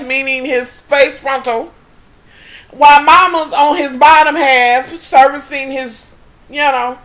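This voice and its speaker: A woman vlogger recapping a TV episode in a casual chat, animated and profane, with dramatic exclamations. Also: high-pitched.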